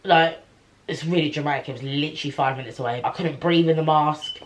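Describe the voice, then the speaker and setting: Low-voiced young woman. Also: brisk. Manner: animated, chatty, heavy with slang and fillers. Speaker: vlogger. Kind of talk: casual storytelling to camera.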